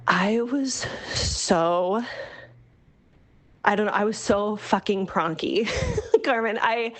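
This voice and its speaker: A woman hosting a podcast and talking in a casual voice-memo chat. She rambles with many fillers and restarts, and her voice is soft and sing-songy. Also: medium pitch, creaky. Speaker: podcast host.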